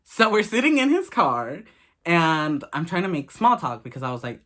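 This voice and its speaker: A man's voice: fairly high pitch, big pitch swings, moderate pace, bright, forceful tone. A man in his late teens, telling a personal story in a candid, gossipy, profane way. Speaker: vlogger. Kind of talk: casual story time.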